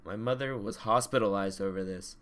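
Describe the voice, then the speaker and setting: A young man co-hosting a podcast, telling a story in a rambling, casual way with lots of swearing and loud re-enacted yells. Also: fairly low pitch, brisk. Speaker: podcast co-host. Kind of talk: casual chat.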